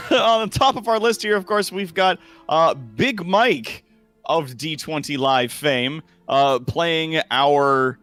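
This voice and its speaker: A man's voice: a little high, slow, fairly bright tone, soft background music. A man with a Canadian accent hosting a tabletop game as game master, hammy and enthusiastic, laughing often.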